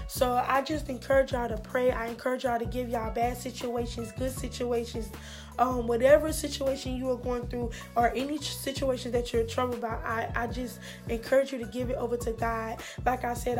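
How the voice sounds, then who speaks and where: A woman's voice: fairly high pitch, flat delivery, moderate pace, over music. A young woman telling a heartfelt storytime vlog in an earnest, encouraging way, repeating phrases for emphasis. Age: young adult. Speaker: vlogger.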